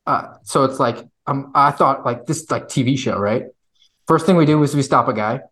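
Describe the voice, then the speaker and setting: Brief: ex-cop male co-host, easygoing and rambling, mid-pitched plain voice. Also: normal speed, fairly bright tone, low-quality recording. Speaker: podcast co-host, former police officer. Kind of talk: casual chat.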